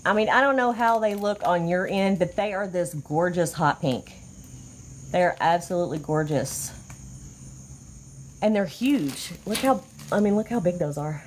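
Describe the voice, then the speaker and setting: A woman hosting a casual live craft demonstration, chatty and easily excited as she greets viewers. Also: lowish voice, moderate pace, slight background noise. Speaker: crafter hosting a livestream tutorial. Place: outdoors or by an open window, fading daylight.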